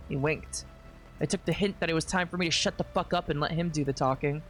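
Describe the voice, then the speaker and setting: A streamer reading a visual novel aloud with expressive, swearing reactions. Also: male voice, fairly high pitch, a little fast, faint music behind.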